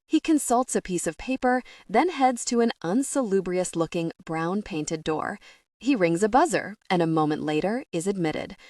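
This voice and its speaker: A woman narrating a first-person comedy audiobook in an expressive, anxious way. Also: medium pitch, normal speed, no echo, clean studio sound.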